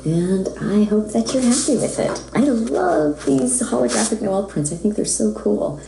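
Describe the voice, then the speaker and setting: A woman's voice: a little high, expressive, a little slow, vocal fry, reverberant, background noise. A woman from the United States, a voice actress who chats casually with fans while she signs autographs. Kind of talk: casual live-stream chat.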